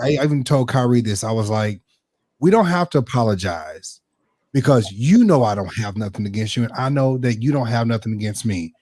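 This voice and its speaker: A man's voice: mid-range voice, no echo, studio quality. A man telling a story candidly and profanely, acting out the quoted back-and-forth. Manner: animated, profane, acts out quoted exchanges. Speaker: podcast guest. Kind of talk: candid storytelling in a casual talk show.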